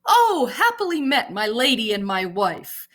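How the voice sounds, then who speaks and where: Brief: woman reading a smug young nobleman, cocky and possessive, voice pitched up a little. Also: big pitch swings, unhurried, a bit bright. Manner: smug, self-assured.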